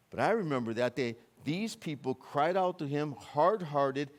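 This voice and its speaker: An American man preaching a sermon in a church, moving between quiet conversational asides and loud, urgent climaxes. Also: animated, moderate pace, hardly any pauses. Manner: impassioned, rising to loud urgent peaks then dropping low and conversational. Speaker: guest preacher. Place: church sanctuary.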